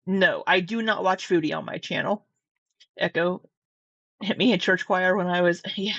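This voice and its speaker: Rambling casually through reaction commentary with swearing and restarts, this Southwest Missouri commentary vlogger has a Midwestern American accent and a fairly low, fairly bright voice at normal speed. She's at her desk in a room at home, on a camera mic close up. The sound is lo-fi with no echo.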